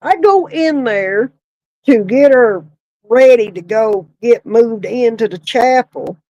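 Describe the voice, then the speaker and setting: A woman's voice: fairly high pitch, lively intonation, slow pace, darkish tone, no echo, poor audio. A woman casually telling a funeral home story, often breaking into laughter. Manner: laughing, Southern-style folksy storytelling.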